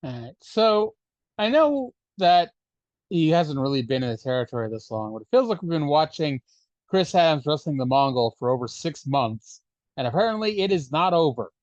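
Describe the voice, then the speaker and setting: A man co-hosts a podcast in loose casual chat, sarcastic and quick to swear. His voice is recorded dry and slightly dull. His pitch sits in the middle range. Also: big pitch swings, no echo. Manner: sarcastic, profane. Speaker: podcast co-host.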